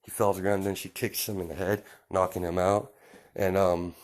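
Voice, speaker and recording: A man's voice: low voice, flat delivery, normal speed. A man telling an improvised story in a casual, rambling way, full of fillers and restarts. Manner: rambling, many fillers and restarts, laughs at himself.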